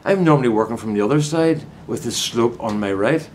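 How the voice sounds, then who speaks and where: A man's voice: medium pitch, expressive, a little fast, slight background noise. An older man, chatting casually to camera in a meandering, friendly way while working outdoors in a vegetable plot. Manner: meandering, chummy, many restarts and asides. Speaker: gardening vlogger. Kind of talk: casual rambling chat to camera.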